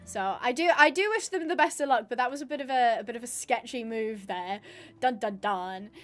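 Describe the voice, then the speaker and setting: High-voiced, chatty woman streaming. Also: fairly quick, a bit bright, soft background music. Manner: chatty and rambling, with many fillers and restarts. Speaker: streamer and roleplayer. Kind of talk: casual live-stream chat while gaming.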